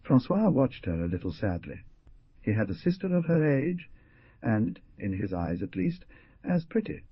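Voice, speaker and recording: A man narrating an audiobook in a dramatic style, with a husky voice and lively delivery of the characters' lines. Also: mid-range voice, moderate pace, no echo. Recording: dull, muffled studio recording.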